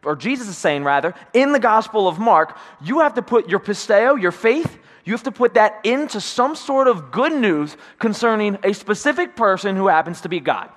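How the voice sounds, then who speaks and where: A man's voice: high-pitched, animated, moderate pace, few pauses, long reverb tail. A man preaching a sermon in a church, talking conversationally and often checking in with his listeners. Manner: conversational, acts out quotes, checks in with "right?". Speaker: pastor. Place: church sanctuary.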